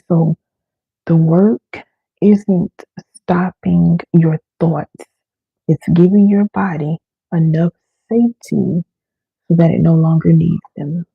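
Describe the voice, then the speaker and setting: A woman with a husky, gravelly voice leads a slow, soothing live self-help session. The sound is thin and phone-like, and the room is dry with no echo. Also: on the low side. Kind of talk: live-streamed guided wellness talk.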